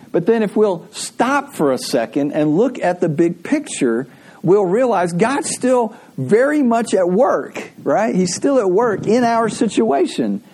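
A man preaching from the pulpit in a husky, mellow voice pitched a little high. His delivery swings up and down with lively intonation, chatty and storytelling, laughing as he goes. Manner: conversational, animated storytelling with frequent laughs. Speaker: pastor. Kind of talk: sermon.

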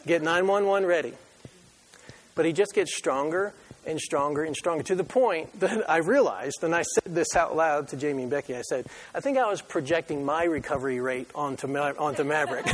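Male pastor, husky and fairly high-pitched, animated sermon storyteller who acts out his own reactions.

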